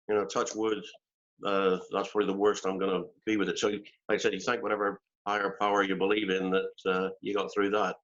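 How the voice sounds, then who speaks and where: A man's voice: fairly low pitch, a bit bright. An older man with a Northern Irish accent, rambling and self-deprecating as he chats and laughs in a video-call interview. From Northern Ireland. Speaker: guest musician. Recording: dull lo-fi call audio.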